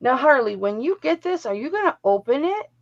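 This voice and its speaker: Gravelly chatty woman on a livestream. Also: high-pitched, very animated, fairly quick. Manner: chatty, joking, quotes people in her stories. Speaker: co-host. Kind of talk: casual storytelling chat. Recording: dull lo-fi livestream audio.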